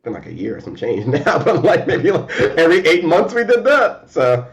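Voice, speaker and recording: A man's voice: on the high side, normal speed, vocal fry. A young man guesting on a casual chat, telling stories with laughter, stammers and voices for the people in them. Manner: lively storyteller, laughs, stammers, does voices.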